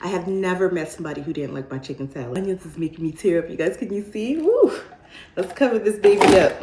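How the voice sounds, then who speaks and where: A woman's voice: on the low side, a little mellow. A middle-aged woman chatting casually through a home cooking tutorial, homey and laughing easily, saying "y'all" and "child.". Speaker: cooking vlogger. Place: home kitchen. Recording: roomy kitchen echo, clear background noise.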